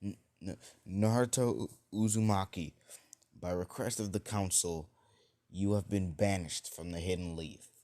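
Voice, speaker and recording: A regretful old village leader who stammers, then turns solemn and grave, as a man narrating puts him on. The voice stays very deep and hushed, a fan storyteller's sketch of an elder. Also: steady tone, unhurried.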